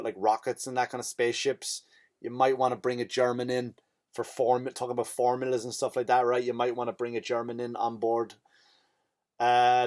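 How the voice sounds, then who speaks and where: Irish male comedian, podcast host, rambling profane storyteller. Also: mid-range voice. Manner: rambling, profane, self-interrupting.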